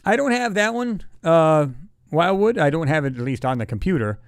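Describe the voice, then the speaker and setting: Guy rambling on his livestream, kinda high voice, dry close mic, gets excited and reads chat out loud. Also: moderate pace, clean tone, no room sound. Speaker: livestream host.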